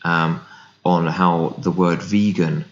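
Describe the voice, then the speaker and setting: On a dull, roomy remote recording, a man with a low voice speaks slowly. He's a business founder appearing as an interview guest, chatting casually and vividly imitating what people told him.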